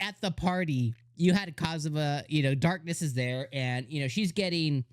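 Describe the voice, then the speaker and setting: A man giving a casual anime episode review, excitable and laughing often, with lots of "like" fillers. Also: medium pitch, measured pace, hardly any pauses, clean tone, no echo, clean studio sound.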